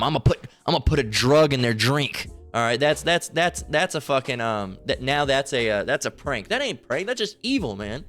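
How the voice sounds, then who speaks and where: A man's voice: medium pitch, fairly bright tone. Male online Bible teacher; casual, profane, heated street-style delivery; faint background music. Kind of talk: informal scripture commentary.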